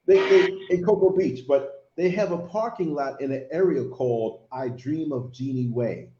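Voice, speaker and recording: A man in his fifties hosting a casual chat, telling stories in an animated way and laughing big. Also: on the high side, moderate pace. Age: 50s. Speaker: podcast host. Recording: lo-fi echoey call audio.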